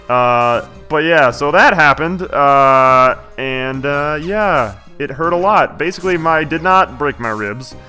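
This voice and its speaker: A man's voice: medium pitch, pushed and bright. A young man rambling chattily as a let's-play host, often correcting himself mid-sentence. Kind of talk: casual let's-play commentary.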